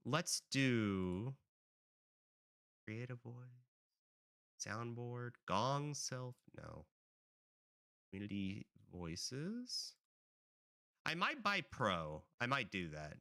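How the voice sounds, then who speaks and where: A man's voice: medium pitch, very animated, drawn-out words, vocal fry, pauses often, pushed and bright. A man streaming live, rambling casually with lots of "like" while testing voice settings. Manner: chatty, rambling, frequent "like".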